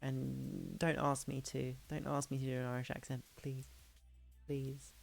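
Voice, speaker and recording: A woman streamer in a casual hangout chat, talking fast and loose with frequent laughs and restarts. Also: extremely low pitch, flat delivery, vocal fry, a little mellow, soft background music. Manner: chatty, laughing, restarts sentences.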